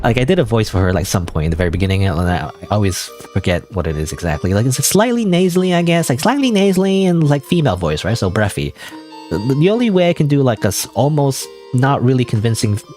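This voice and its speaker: A man with a naturally deep voice rambling self-deprecatingly through casual gaming commentary. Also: sing-song, fast talker, darkish tone, faint music behind. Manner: rambling, self-deprecating, lots of fillers and laughs. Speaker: gaming streamer. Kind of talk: casual let's-play commentary.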